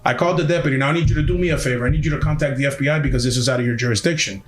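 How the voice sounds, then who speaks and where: A man's voice: mid-range voice, rapid-fire, reverberant. A man telling a story on a podcast in a heated, emphatic way, swearing often. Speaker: podcast guest. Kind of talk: casual storytelling.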